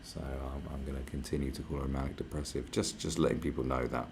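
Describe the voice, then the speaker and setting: Gravelly, very deep-voiced man streaming. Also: level tone, fast, background noise. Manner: rambling, profane, chatty. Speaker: live streamer. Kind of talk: casual livestream chat. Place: where he is staying, not his home.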